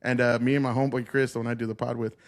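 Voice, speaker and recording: A man's voice: mid-range voice, little pitch movement. A man co-hosting a podcast in casual chat, telling crude jokes with lots of laughter and restarts. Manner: crude, joking banter, laughs often; quick, rambling talk with many restarts. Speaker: podcast co-host.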